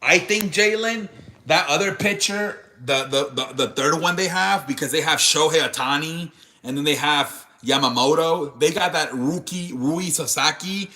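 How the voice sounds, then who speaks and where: A man's voice: on the high side, moderate pace, pushed and bright. A man hosting a live sports stream, chatting casually with viewers in a rambling, profane way.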